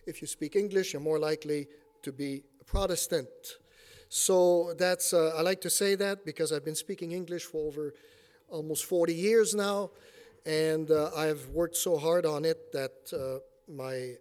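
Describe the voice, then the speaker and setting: A man in his fifties from Quebec City with a French-Canadian accent, giving a sermon that mixes dry self-deprecating jokes with a personal story. He talks with many fillers and goes quiet for serious points. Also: fairly high pitch, fairly even intonation, unhurried. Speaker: preacher and theology teacher.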